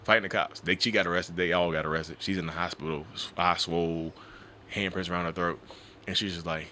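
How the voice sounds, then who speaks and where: A man working as a relationship coach, telling stories in a casual interview in an animated, colloquial way. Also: low-pitched, a little fast, slight background noise. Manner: animated storyteller who acts out quoted voices; colloquial, repeats 'you know'.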